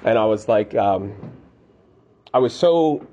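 A man's voice: lowish voice, lively intonation, slow, mellow, dull audio, slight background noise. A man giving casual devotional teaching as a preacher, earnest and conversational, often restarting his sentences.

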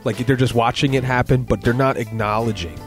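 A man talks on a faith radio show in a loose, meandering way, piling up fillers and little jokes. His pitch sits in a middle range for a man. A faint music bed plays behind him. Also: steady tone, a little fast. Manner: rambling, joking, lots of "you know". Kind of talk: casual faith talk on radio.

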